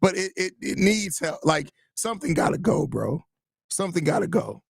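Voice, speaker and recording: A Chicago-area sports podcast host rants at listener chat on a live show, frustrated, swearing plenty and circling back to the same phrases. His fairly high voice is gravelly, swings widely in pitch, and moves at a moderate pace. The recording is close and dry, free of room sound.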